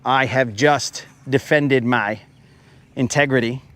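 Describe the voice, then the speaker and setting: A man's voice: medium pitch, takes it slowly, a bit bright. A man hosting a live fishing stream from a boat, chatting casually in a playful, rambling, slang-heavy way. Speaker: fishing livestream host. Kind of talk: casual chat. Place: boat on a lake, outdoors.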